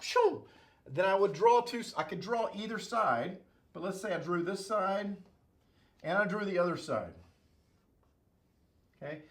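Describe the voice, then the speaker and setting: Lively, jokey male engineering instructor. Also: sits high. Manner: playful, jokey, checks in with constant "okay?" and "right?". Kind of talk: classroom-style lecture at a whiteboard.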